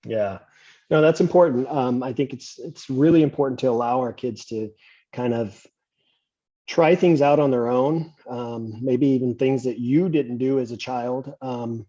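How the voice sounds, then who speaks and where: A man hosting a podcast, telling stories and giving advice in a relaxed, chatty way. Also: medium pitch, unhurried. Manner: relaxed, anecdotal, gives advice. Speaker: podcast host. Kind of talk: conversational interview, storytelling. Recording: slightly muffled lo-fi audio.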